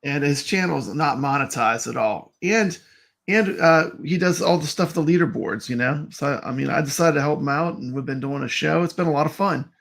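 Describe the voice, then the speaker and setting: A man co-hosts a relaxed live stream, chatting in a fairly high voice with a gravelly edge. He keeps things upbeat and greets viewers by name. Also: moderate pace. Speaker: co-host of a live stream show. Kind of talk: casual live stream chat.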